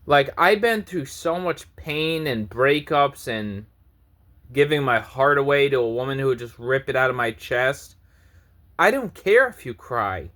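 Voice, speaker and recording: A man's voice: medium pitch, expressive, a little slow, a bit bright. A man in his thirties ranting to camera in a preachy, confrontational vlog monologue, swearing often. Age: 30s. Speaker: vlogger.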